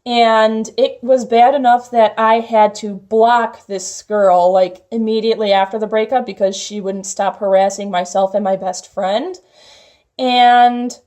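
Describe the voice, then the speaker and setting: A woman's voice: fairly high pitch, a little mellow. A young woman vlogger telling a personal story in a chatty, casual way, full of "like" fillers. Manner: chatty, heavy use of "like" fillers.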